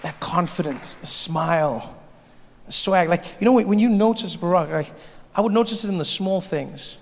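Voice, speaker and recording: A middle-aged man with a South African accent doing a stand-up routine, telling stories with quick asides and impressions. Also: high voice, a faint crowd. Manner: storytelling with quick asides and mimicry. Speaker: stand-up comedian. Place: theater stage. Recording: reverberant live theater recording, faint noise.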